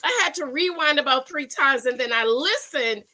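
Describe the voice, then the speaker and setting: Female vlogger, casual recap chat, slightly high, bright tone; effusive, rambling, self-correcting. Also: lively intonation, normal speed.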